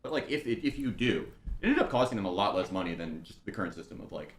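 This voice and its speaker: A man joining a casual political chat, talking in an animated, excitable way. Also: a little hiss or hum. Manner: animated, fast, swinging between high and low. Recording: roomy, echoey sound.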